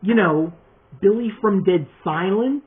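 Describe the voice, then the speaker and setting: A man's voice: high voice, a little slow, slightly rough. A man with a lisp, feeling under the weather, chatting casually in a rambling vlog about customizing a toy figure. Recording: tinny phone-like audio.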